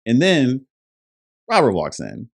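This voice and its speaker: Man, podcast guest, casual storytelling, animated pitch, acts out quotes. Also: slow, gravelly. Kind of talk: casual chat.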